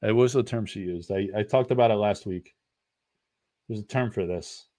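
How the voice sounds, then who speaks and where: A card collector from the Northeastern United States hosts his channel at home, speaking at normal speed in a darkish, low voice. As he opens card packs, he tells rambling, joking stories full of trash-talking banter.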